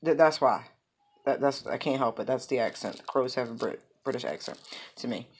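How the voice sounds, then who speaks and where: Low voiced lady doing a chill tarot reading, rambles a lot, tons of "you know"s. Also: moderate pace, slight background noise. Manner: rambling, lots of fillers and asides. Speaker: tarot reader. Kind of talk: casual spoken tarot reading.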